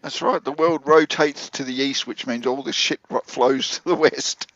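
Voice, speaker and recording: A man's voice: mid-range voice, fairly even intonation, normal speed, a bit bright, no echo. An older man, chatting bluntly and cheekily as a panelist on a livestream. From Australia. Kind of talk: casual chat. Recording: slightly dull video call.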